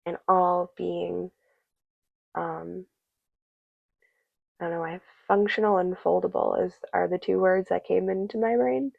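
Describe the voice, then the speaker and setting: A woman giving a soft, meandering tarot reading, full of fillers and a little teary. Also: on the low side, steady tone, measured pace, creaky, long pauses, no echo, phone-quality sound. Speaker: tarot reader.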